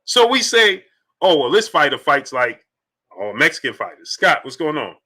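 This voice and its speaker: A man's voice: on the high side, big pitch swings, normal speed, pushed and bright. A man hosting a live boxing stream, greeting viewers in the chat by name and firing off rhetorical questions. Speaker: boxing livestream host.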